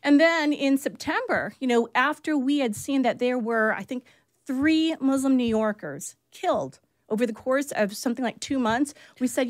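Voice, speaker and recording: A woman's voice: high-pitched, lively intonation, normal speed, dry recording. A woman who is a city human rights commissioner, a guest on a radio show, speaking in a passionate, rallying way into a studio microphone. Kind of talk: radio interview.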